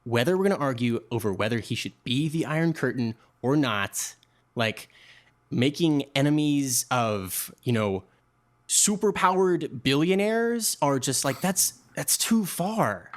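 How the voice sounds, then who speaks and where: A man voicing a worried, flustered middle-aged father who talks in a strained, halting, pleading way. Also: medium pitch, animated, pitched above the performer's own voice, natural voice.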